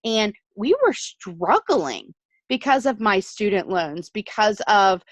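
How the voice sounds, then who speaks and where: A middle-aged woman, once a nurse, earnestly sharing her story with her team over a video call, pausing on ums. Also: medium pitch, animated, no echo. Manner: earnest, reflective, with frequent ums. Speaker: team leader, former nurse. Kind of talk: motivational testimony on a video call.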